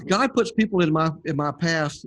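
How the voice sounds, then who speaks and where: A man's voice: fairly high pitch, expressive, moderate pace, fairly bright tone. Older man telling his story, rambling. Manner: rambling, storytelling with many fillers. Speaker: podcast guest. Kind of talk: conversational testimony.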